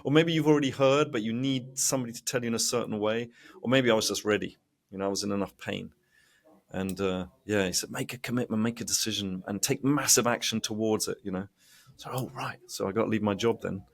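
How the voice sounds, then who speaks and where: A man with a somewhat low voice talks as a guest in a podcast interview. He tells his story with animated energy and slips into quick impressions of the people he quotes. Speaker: guest, investment educator.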